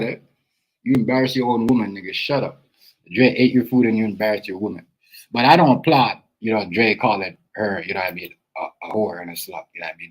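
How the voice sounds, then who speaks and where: A man hosting a casual livestream, talking straight to his chat in a streetwise, animated way that repeats itself a lot. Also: fairly low pitch, breathy edge, low-quality recording. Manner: animated, repetitive, streetwise slang, addresses chat directly. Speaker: livestream host.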